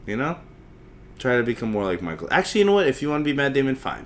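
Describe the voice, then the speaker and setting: A man's voice: mid-range voice, big pitch swings, rapid-fire, a bit bright, a little hiss or hum. A man in his thirties hosting a solo podcast, rambling freely with lots of swearing and self-mocking asides. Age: 30s. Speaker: podcast host.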